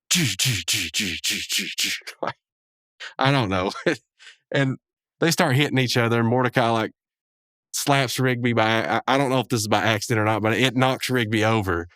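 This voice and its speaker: A man's voice: medium pitch, fairly bright tone, no echo. Rambling man recapping in a dry close sound. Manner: rambling, chuckling, many asides and fillers. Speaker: podcast host. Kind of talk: casual episode recap.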